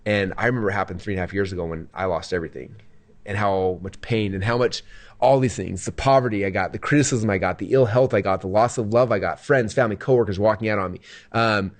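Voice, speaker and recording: A man talks quickly as a guest on an interview. He tells a personal story in a loose, casual way and leans on filler words. He slips into other voices when he quotes people. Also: lowish voice. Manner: rapid, filler-heavy, acts out quoted lines. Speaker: guest entrepreneur.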